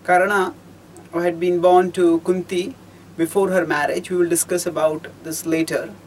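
High-voiced man telling a scripture story. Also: flat delivery, slight background noise, low-quality recording. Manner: measured, explanatory, pausing and rephrasing. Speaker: teacher of scripture. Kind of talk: storytelling lecture.

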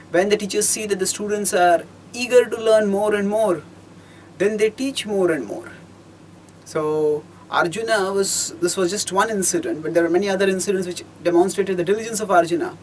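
A man with a high voice gives a storytelling lecture as a teacher of scripture. He speaks in a measured, explanatory way, stopping often to rephrase. A faint noise sits behind him. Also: rough recording.

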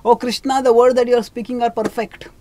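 A speaker with an Indian accent voicing an old blind king who pleads indecisively, lifting the voice higher and louder for the quotes. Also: little pitch movement, fast, a little hiss or hum, close to an everyday voice. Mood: pleading.

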